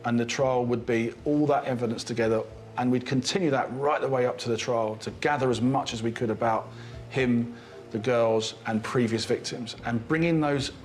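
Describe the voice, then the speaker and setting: Police detective, halting speech. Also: male voice, mid-range voice. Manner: repeats words, restarts often. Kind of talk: documentary interview.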